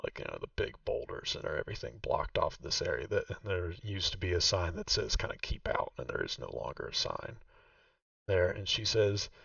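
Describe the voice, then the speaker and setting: A man with a low, gravelly voice runs a tabletop game in a loose, meandering way. His pitch is lively and moves a lot. The recording is dull and dry, taken from a distance. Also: brisk, no room sound. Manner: casual, rambling, many fillers. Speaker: game master.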